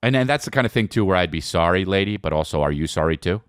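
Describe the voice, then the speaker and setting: Animated man telling a comedic story. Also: low voice, fast, smooth, dry recording, studio quality. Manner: animated, profane, self-mocking. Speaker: podcast co-host.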